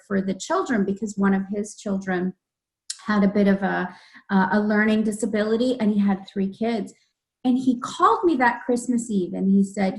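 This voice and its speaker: A woman with a medium-pitched voice hosts a casual interview, sharing heartfelt stories about her volunteer deliveries. The recording quality is low.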